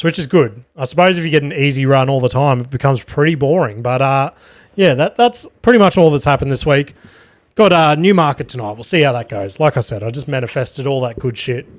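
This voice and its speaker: This young podcast host and comic delivers a loose storytelling monologue, profane and meandering, often laughing and leaning on fillers. The mid-range voice comes through clean studio audio without any echo.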